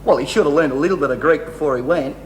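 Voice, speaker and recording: A man's voice: a little high, racing, lightly acted. A man with a New Zealand accent playing a smug know-it-all mate in a TV comedy sketch. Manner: smug, matter-of-fact. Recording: distant, reverberant, faint hiss.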